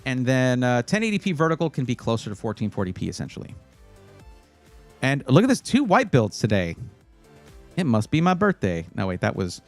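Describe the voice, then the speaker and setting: A man's voice: medium pitch, huge pitch swings, brisk, soft background music. Chatty man hosting a livestream. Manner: chatty, rambling, restarts phrases, playful with chat. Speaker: livestream host giving PC buying advice. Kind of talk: casual livestream chat reading viewer comments.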